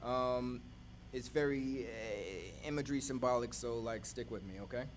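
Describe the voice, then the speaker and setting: A man's voice: mid-range voice, normal speed, slight background noise. A man poet chatting casually from the stage between poems at a church service, laid-back, with lots of fillers and "y'all".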